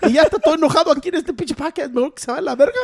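Fast, high-voiced guy. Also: vocal fry. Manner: profane, mixes English and Spanish, animated storyteller. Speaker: podcast co-host. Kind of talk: casual chat.

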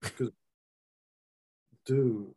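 Slow-talking blunt male podcaster. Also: mid-range voice, steady tone, dark tone. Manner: opinionated, blunt. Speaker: podcast co-host. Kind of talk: casual wrestling chat.

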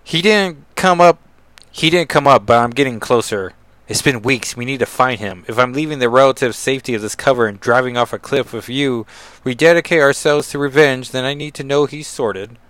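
Man's rough British-accented take on a resolute woman out for revenge; dry sound. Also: mid-range voice, a little fast, fairly bright tone, no room sound, natural voice. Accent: put-on British. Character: determined woman plotting revenge.

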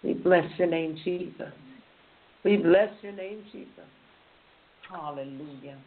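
A man's voice: on the high side, takes it slowly. A man hosting a prayer show, affirming callers with short amens and signing off, over a hissy phone line. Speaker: radio prayer-show host. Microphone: phone call.

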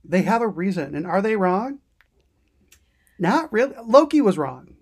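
A woman co-hosting a podcast, joking around in relaxed, slangy casual chat. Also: medium pitch, measured pace, slightly rough. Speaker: podcast co-host.

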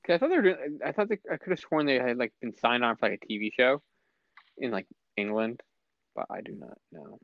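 A man's voice: medium pitch, animated, fairly quick, no room sound. A young man chatting casually as a podcast co-host, rambling and stammering, laughing often. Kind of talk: casual chat. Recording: slightly muffled lo-fi audio.

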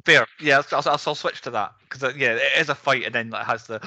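Bright-voiced podcast host, laughing often. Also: male voice, medium pitch, a little fast, vocal fry, few pauses, no room sound. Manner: animated, laughs often, stumbles over restarts. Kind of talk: casual film-review chat. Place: podcast recording.

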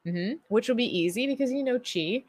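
A woman's voice: a little high, animated, brisk, darkish tone, slightly rough, dry recording. A woman co-hosting a podcast, playful and teasing in casual chat. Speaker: podcast co-host.

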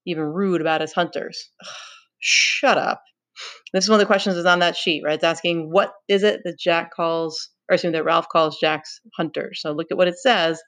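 A woman teacher reading a novel aloud to students, with steady narration and explanatory asides. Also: lowish voice, fairly quick, hardly any pauses.

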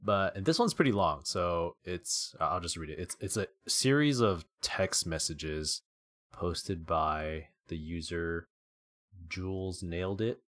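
Low-voiced man reading posts aloud. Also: measured pace, no room sound, clean studio sound. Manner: reads quotes in an animated, laughing voice. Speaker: podcast co-host.

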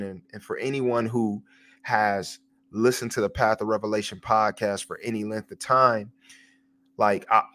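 A man hosting a devotional podcast, telling a family story in an earnest way, with pauses and repeated words as he goes. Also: on the low side, fairly bright tone. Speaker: podcast host.

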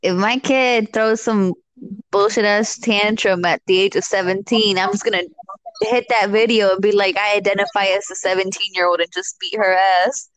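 A woman's voice: medium pitch, steady tone, normal speed, rough recording. A young woman co-hosting a podcast, chatting casually, laughing a lot and swearing, with some Spanish mixed in. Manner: laughs often, profane storytelling with Spanish mixed in. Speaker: podcast co-host. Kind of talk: casual chat.

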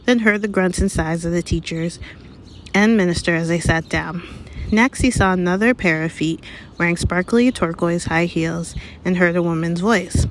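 A woman reading a chapter of a novel aloud in a measured, even storytelling manner. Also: lowish voice, a little hiss or hum. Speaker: reader. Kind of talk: read-aloud audiobook narration.

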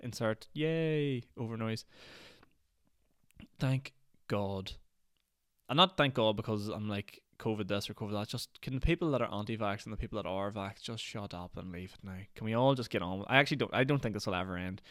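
A man's voice: fairly low pitch, normal speed, no room sound, clean studio sound. A Northern Irish man hosting a solo podcast, rambling and ranty, with lots of "like" fillers. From Northern Ireland. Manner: rambling, ranty, heavy use of "like". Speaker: podcast host.

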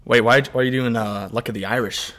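A man's voice: mid-range voice, fairly even intonation, fairly bright tone. A young man co-hosting a podcast, chatting casually in a playful, joking way. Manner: playful, joking, quick laughs. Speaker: podcast co-host. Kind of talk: casual chat.

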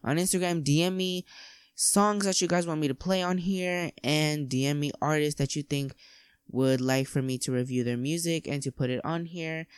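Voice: mid-range voice, moderate pace, smooth, no room sound, studio quality. A podcast host chatting casually and effusively to listeners, with lots of "like" as filler. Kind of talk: casual solo podcast chat.

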